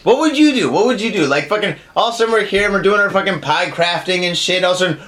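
A man co-hosting a podcast in casual chat, rowdy and profane, and he keeps breaking into shouted silly voices. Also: high voice, animated, very fast. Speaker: podcast co-host.

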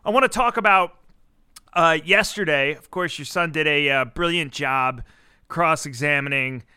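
A man's voice: a little high, moderate pace, bright, forceful tone, smooth, no echo, clean studio sound. A man hosting a podcast interview, talking conversationally with frequent fillers. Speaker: podcast host.

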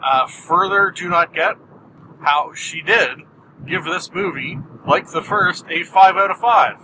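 A man hosting a solo podcast, talking in a wry, deadpan, self-mocking way with jumpy, animated delivery. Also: sits high, unhurried, noisy background. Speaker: podcast host.

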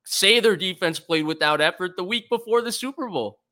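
A man's voice: sits high, moderate pace, sharp tone. A man co-hosting a sports talk show, laying out his arguments point by point in an analytical way. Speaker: co-host, football analyst.

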